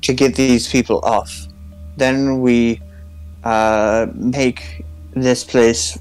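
A man playing a tabletop game, talking through a plan in halting, filler-filled speech. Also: medium pitch, level tone, darkish tone, clear, resonant tone, faint music behind, poor audio. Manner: halting, many pauses and fillers. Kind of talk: in-character party planning.

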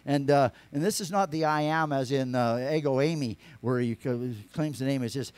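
A man preaching a sermon, rambling with many restarts, rising to emphatic lines and dropping to quiet asides. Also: medium pitch, moderate pace, hardly any pauses, clear, resonant tone, no echo. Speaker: pastor.

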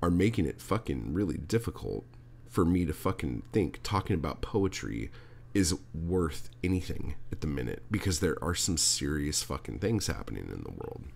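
Profane, fired-up podcast host, very deep voice. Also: male voice, big pitch swings, normal speed, vocal fry, a little mellow, slight background noise. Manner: heated, swears constantly; talks directly to listener, "dude". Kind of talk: profane ranting monologue.

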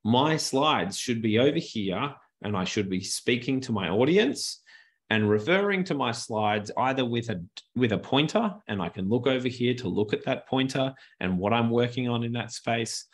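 Here a man with a mid-range voice runs a presentation-skills webinar from home. Recorded on a solid desk mic, he sounds animated and purposely mixes up his pacing and tone.

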